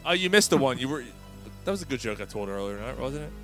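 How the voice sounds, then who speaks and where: A man hosting a podcast, telling a story in a casual, animated way and swearing often. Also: medium pitch, fast talker, over music. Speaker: podcast host.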